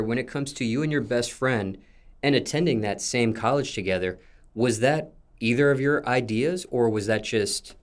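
A man hosting an interview, asking his guest questions in a formal, measured way. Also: medium pitch.

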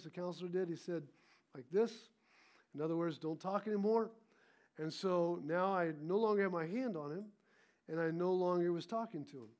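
High-voiced male pastor preaching. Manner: storytelling, calls for congregation responses. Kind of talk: sermon.

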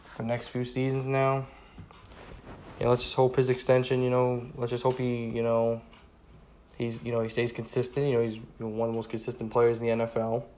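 A man rants about his team on his own, speaking in a middle pitch with loose, rambling sentences. He leans on "you know" over and over and swears freely once he's riled up. A faint hiss sits under the recording. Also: monotone, brisk, a little mellow. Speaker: sports fan podcaster. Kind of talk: casual solo sports rant.

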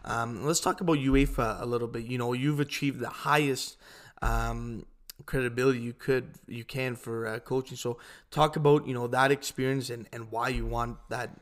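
A young man hosting a podcast, chatting casually and telling stories in an animated way. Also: medium pitch, normal speed. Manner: animated storytelling with laughs. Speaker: podcast host. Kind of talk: casual interview chat.

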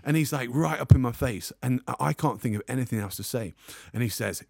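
A man spins a comic anecdote and throws himself into the other characters' voices as he goes. His voice is gravelly, with fry at the ends of phrases, and it sits in an ordinary male range. The recording is close and dry, with no room sound. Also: mid-range voice, a little fast, few pauses, dry recording. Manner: animated storyteller, acts out the other people in the story. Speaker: podcast guest.

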